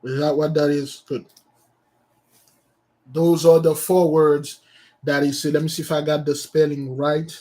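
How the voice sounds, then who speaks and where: A man's voice: fairly high pitch, little pitch movement, unhurried, long pauses, warm tone. A man leading an informal study session, reading a text aloud and explaining it in a rambling, self-correcting way. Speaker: study host.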